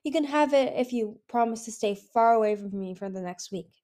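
A kind young female dragon, read by a woman with a gentle, teasing way of speaking. She stays close to the reader's natural voice, soft and fond. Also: fairly high pitch, fairly quick, close to an everyday voice.

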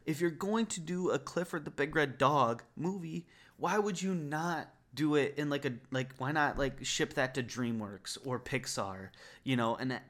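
A man's voice: mid-range voice, a bit bright. Young man hosting a mock-angry podcast rant. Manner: mock-outraged, over-the-top comic indignation; rambling with many fillers and restarts. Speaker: podcast host.

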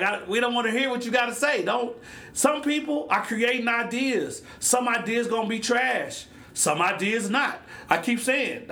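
Animated bright-voiced man riffing on a podcast. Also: very high-pitched. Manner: animated, joking, talks in topics and sidebars. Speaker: podcast host. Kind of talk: casual solo podcast monologue.

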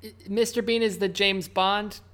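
A man's voice: sits high, fairly even intonation, normal speed, bright, forceful tone. A man guesting in a casual chat, dry and sarcastic, swearing freely.

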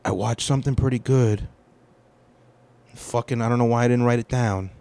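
A man's voice: medium pitch, steady tone, normal speed, gravelly, warm tone. A young man hosting his own podcast, telling about his week in a meandering, profane and self-deprecating way. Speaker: podcast host. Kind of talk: rambling casual monologue.

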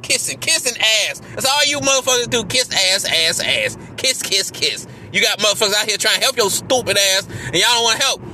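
A man hosting his podcast, delivering a heated, profane rant that keeps bursting into shouts. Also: high voice, expressive, a little fast, few pauses, slight background noise. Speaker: podcast host.

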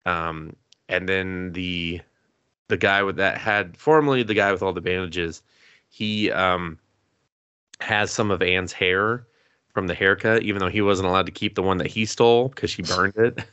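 A man's voice: low voice, normal speed, bright, forceful tone, clean tone, no echo, lo-fi sound. A man co-hosting a podcast, casually recapping an anime episode, acting out the characters' lines, laughing and swearing as he goes. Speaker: podcast co-host.

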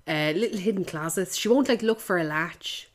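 A woman hosting a podcast in casual movie chat, lively and sweary, often laughing. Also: fairly low pitch, moderate pace, slight background noise. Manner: lively, sweary, laughs at her own jokes. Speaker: podcast host.

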